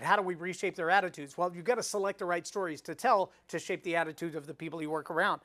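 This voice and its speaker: A man's voice: sits high, quick pace, hardly any pauses. A middle-aged man, a speaking coach, teaching storytelling in a live webinar, acting out the voices he quotes. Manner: animated, acts out quoted voices.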